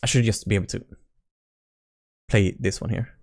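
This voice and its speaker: A young man chats casually on a live stream, rambling and animated with playful swearing. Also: on the low side, normal speed, creaky. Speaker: indie game developer streaming. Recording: faint music in background.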